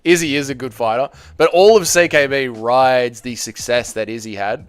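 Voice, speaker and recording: A man's voice: mid-range voice, normal speed, hardly any pauses, clear, resonant tone, faint music behind. A young man hosting a live stream watch party, ranting heatedly and swearing while reading and answering chat. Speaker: streamer host.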